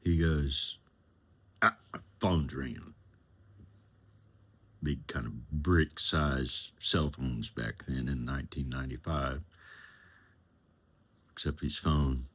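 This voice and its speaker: Deep husky male storyteller, slow and plain-spoken, former driver recounting his past. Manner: plain-spoken, unhurried, conversational. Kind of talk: personal testimony storytelling.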